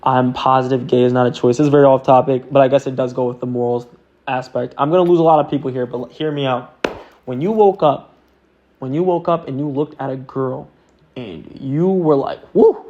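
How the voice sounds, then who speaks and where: A man's voice: mid-range voice, fairly even intonation, brisk, mellow. Earnest, rambling young man, lo-fi. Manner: earnest, rambling, with many fillers. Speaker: vlogger. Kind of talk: casual self-talk monologue. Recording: dull lo-fi sound.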